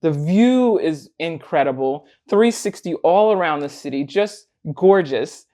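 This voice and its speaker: A woman casually telling a personal story in a vlog, animated and laughing often as she acts out what people said. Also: deep voice, unhurried. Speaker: vlogger.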